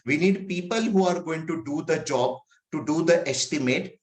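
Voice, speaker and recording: A man's voice: a little high, normal speed, echoey room. A man from India, an agile coach, leading an online training session in a conversational way, with many fillers and rhetorical questions. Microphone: video call.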